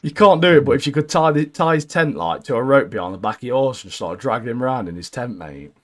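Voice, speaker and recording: A young man co-hosting a casual gaming chat, blunt and opinionated, ending phrases with "mate" and dropping low. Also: animated, fast talker, fairly bright tone. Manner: blunt, says "mate" constantly, trails off low at line ends. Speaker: co-host.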